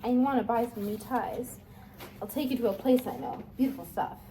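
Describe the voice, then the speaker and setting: A woman's voice: a little high, brisk, dark tone, a little hiss or hum, lightly acted, low-quality recording. A woman reading the part of a brash, boastful young adult son in an amateur play read-through, eager and salesman-like.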